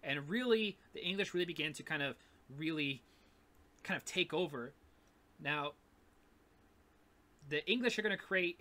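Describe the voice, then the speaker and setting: A man's voice: fairly high pitch, bright, forceful tone. A man teaching a recorded history lesson in a casual, rambling way, full of fillers and "right?" checks. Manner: casual, repetitive, with many fillers and "gonna", "right?".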